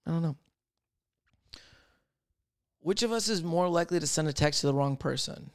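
A man hosting a solo podcast, rambling and thinking out loud in casual chat, swearing freely. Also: a little high, normal speed, clear, resonant tone, dry recording, studio quality. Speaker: podcast host.

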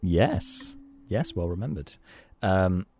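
Deep-voiced man running a tabletop game. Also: expressive, slow, dark tone, soft background music. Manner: casual, hesitant, with many fillers. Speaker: game master.

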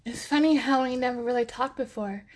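A woman's voice: on the high side, a little fast, natural voice. A woman reading the lines of a friendly young male student with a plain, easygoing manner.

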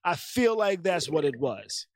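A man's voice: a little high, very animated, measured pace. A man co-hosting a casual podcast, joking loosely and reading chat messages and statements aloud. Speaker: podcast co-host.

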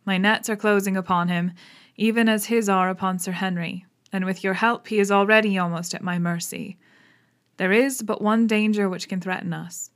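A woman's voice: medium pitch, fairly even intonation, moderate pace, lightly acted. A woman reading the lines of an intense, commanding male Victorian detective, grave and clipped.

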